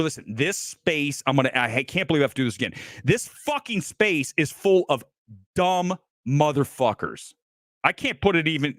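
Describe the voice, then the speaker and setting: Male host for a live film rant; sarcastic, foul-mouthed, animated delivery, dry room. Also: a little high, no room sound. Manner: angry, profane, sarcastic ranting; mocking put-on accent in quotes. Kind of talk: heated movie rant, live stream.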